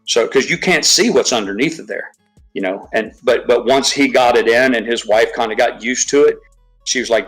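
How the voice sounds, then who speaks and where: A man's voice: mid-range voice, fairly quick, faint music behind, low-quality recording. A man chatting casually on a live stream, rambling, swearing freely and restarting his sentences often. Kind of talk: casual chat.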